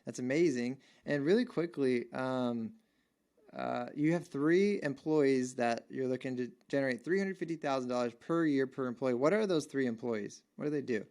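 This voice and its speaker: A man's voice: medium pitch, moderate pace, a little mellow. A man hosting a podcast interview, enthusiastic, stacking up praise and follow-up questions. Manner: enthusiastic, repeats praise words. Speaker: podcast host.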